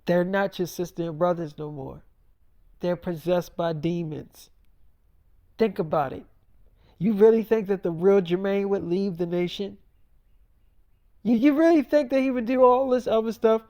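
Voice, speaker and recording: A man's voice: high-pitched, normal speed, pauses often, warm tone, dry recording, studio quality. A grave man from the far future, as a storyteller puts him on, delivering warnings with insistent seriousness. Plain, everyday voice, told in a loose improvised story.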